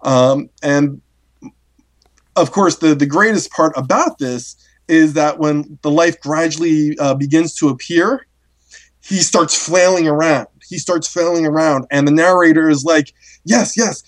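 A man in casual conversation, recapping a story with many pauses, fillers and restarts. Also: on the high side. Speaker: podcast co-host discussing a story. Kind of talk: casual chat.

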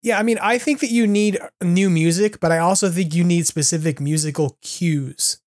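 Man, podcast co-host, casual chat, higher voice, rambling with fillers, dry close sound. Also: moderate pace, dry recording. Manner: rambling, animated, lots of fillers.

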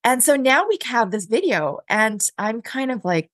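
Woman guest, chatty storyteller, voice bounces all over, bit high. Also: normal speed, no echo. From Canada. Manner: chatty, animated, many fillers and laughs. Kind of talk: casual interview storytelling.

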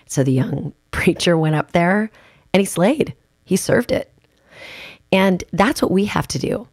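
A woman's voice: on the low side, animated, measured pace, a little mellow, breathy edge, no room sound, studio quality. A woman hosting a podcast and coaching on public speaking, telling stories in an emphatic, chatty way with casual asides. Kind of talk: conversational podcast monologue.

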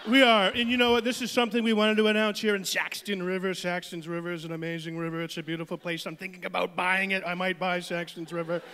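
A man's voice: high-pitched, sharp tone, a little hiss or hum, pitched above the performer's own voice. A man doing a brash boastful politician impression. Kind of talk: stand-up impression. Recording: long hall reverb.

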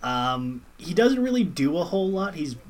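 A man in a casual podcast chat reviewing a movie, animated, swearing freely and laughing often. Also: on the high side, normal speed. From Boston area. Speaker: podcast co-host.

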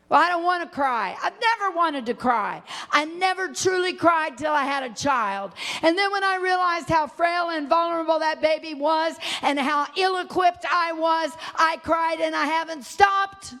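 A middle-aged woman preaching a sermon, swinging from loud impassioned cries to hushed, low, tearful tones. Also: normal speed, hardly any pauses, big-room sound. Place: church sanctuary.

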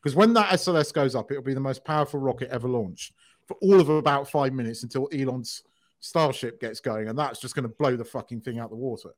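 Man, podcast co-host, casual chat, excitable, rambling, swears a lot. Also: medium pitch, fairly quick. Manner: rambling and excitable, swears freely, many ums.

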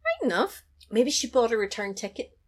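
A woman retelling a film plot in a casual chat, animated, swearing and laughing easily. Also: on the high side, moderate pace.

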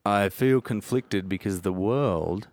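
A man with an Australian accent, talking in a rambling, animated way as a guest in a casual chat. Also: lowish voice, slow pace, no room sound.

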